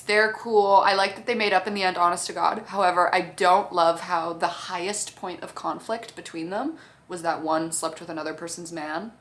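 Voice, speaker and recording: A woman's voice: fairly low pitch, fairly bright tone. Chatty, profane woman vlogger. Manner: profane, chatty, acts out characters' lines. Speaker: TV show reviewer. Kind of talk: casual on-camera vlog.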